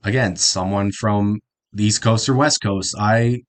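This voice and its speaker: A man's voice: on the low side, fairly even intonation, a little slow. A young man with a Midwestern American accent, hosting a reaction video and chatting in a loose, rambling way. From South Dakota, US Midwest. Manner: rambling, informal, self-correcting. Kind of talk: casual commentary.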